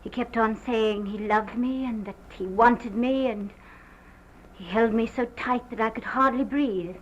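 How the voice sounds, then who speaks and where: An actress playing a distraught woman who haltingly recounts a violent night, in early sound-film acting on a muffled old film recording. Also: on the high side, a little hiss or hum, natural voice. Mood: strained. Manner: halting, hesitant, breaks off.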